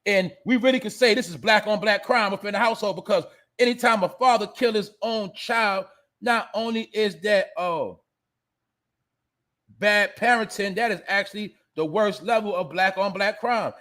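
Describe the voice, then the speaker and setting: Speaking at normal speed, a show host lectures his audience through a casual monologue full of profanity. His voice is high for a man with a fairly bright tone, and he comes off blunt and preachy.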